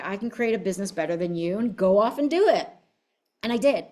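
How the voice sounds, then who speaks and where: Woman business coach, casual motivational talk, mid-pitched, brash, profane, fired up. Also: expressive, fast, mellow. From United States. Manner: blunt, profane, fiery storytelling.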